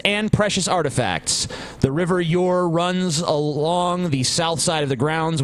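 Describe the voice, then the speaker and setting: A man co-hosting a casual podcast, joking crudely and reading text aloud. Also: fairly high pitch. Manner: crude, joking, reads aloud flatly then riffs. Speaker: podcast co-host.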